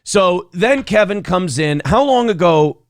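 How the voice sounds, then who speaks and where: A man's voice: sits high, animated, unhurried, no echo, studio quality. A man hosting a morning talk show, asking questions and needling his guest with sarcastic quips. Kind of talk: casual chat.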